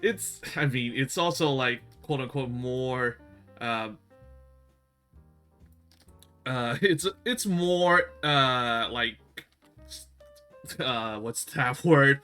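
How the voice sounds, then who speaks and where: Bright-voiced guy hosting a hangout stream, laughs a lot, lots of uhs and likes. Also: mid-range voice, very slow, pauses often, smooth, soft background music. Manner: laughs often, animated, hesitant fillers. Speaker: host. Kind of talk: casual chat.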